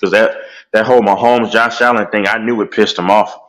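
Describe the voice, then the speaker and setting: A young man on a casual sports talk stream, animated and loud, ranting and repeating "bro". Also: on the low side, fairly quick, low-quality recording. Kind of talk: heated casual sports chat.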